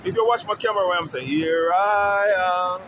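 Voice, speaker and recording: Street vlogger, male musician, high voice, preaching and repeating himself, faint traffic behind. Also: animated, racing, fairly bright tone, low-quality recording. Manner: emphatic, repetitive, keeps asking "you understand?". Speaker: musician promoting his music. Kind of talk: street-side vlog rant.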